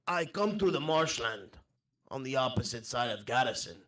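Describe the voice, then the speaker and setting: A man playing a friendly, formal traveler mage who speaks in halting phrases and leaves out small words. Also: medium pitch, sing-song, a bit bright, slight background noise. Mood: earnest. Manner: halting formal speech, drops articles. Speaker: player. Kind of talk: tabletop role-play.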